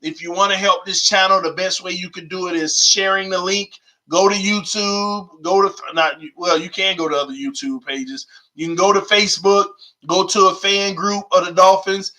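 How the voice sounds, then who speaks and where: Man, high voice, bright tone, casual fan vlog host, excitable, informal. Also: moderate pace, poor audio. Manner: excited, informal, talks to viewers as y'all. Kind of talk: casual vlog chat reading live comments.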